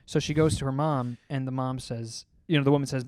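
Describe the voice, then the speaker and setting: A man's voice: medium pitch, fairly even intonation, quick pace, few pauses, a little mellow, smooth, dry recording, clean studio sound. A young man co-hosting a casual podcast, telling crude jokes with lots of swearing and laughing at his own punchlines. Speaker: podcast co-host. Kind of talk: casual joke-telling chat.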